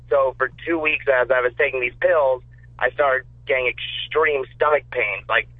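A man calling in to a talk show, telling a story in a loose, swearing, animated way. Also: medium pitch, no room sound. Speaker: caller. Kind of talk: casual call-in story. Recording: tinny phone line.

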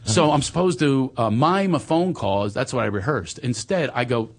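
Husky middle-aged man telling a story. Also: medium pitch, normal speed. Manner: animated, self-mocking, laughs through his story. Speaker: actor and guest. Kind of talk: casual storytelling chat.

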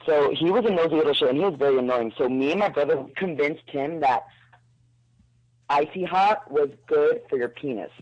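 Male caller, casual crude storytelling, fairly high voice, muffled phone line. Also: moderate pace. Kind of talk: call-in storytelling.

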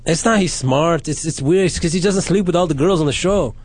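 A man's voice: a little high, a little fast, darkish tone. A man hosting a radio call-in show, rambling and joking crudely with his studio crew. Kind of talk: loose profane radio banter.

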